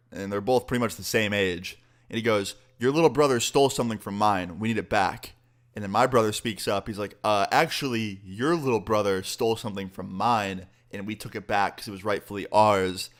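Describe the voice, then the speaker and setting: Young man telling a profane storytime. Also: a little fast. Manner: profane, animated, quotes people with pitch jumps. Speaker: storytime vlogger. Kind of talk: casual storytelling.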